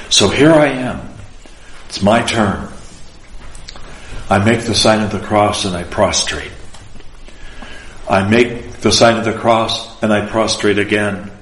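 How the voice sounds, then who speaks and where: A man who is an Orthodox priest, telling a personal spiritual story in an earnest, deliberate, emotional way. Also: on the low side, fairly bright tone, a little hiss or hum. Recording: roomy echo.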